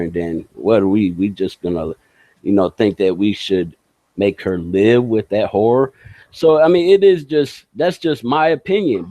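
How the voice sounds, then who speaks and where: Halting, defensive man with a lowish voice. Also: warm tone, dry recording. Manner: halting, repeats himself, defensive. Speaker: debate guest. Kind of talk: casual debate chat.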